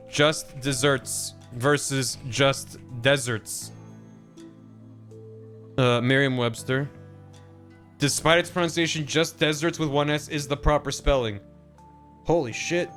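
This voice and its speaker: A man's voice: medium pitch, fairly even intonation, a little slow, pauses often, fairly bright tone, faint music behind. A man streaming a video game, chatting casually and animatedly, swearing often and mocking himself.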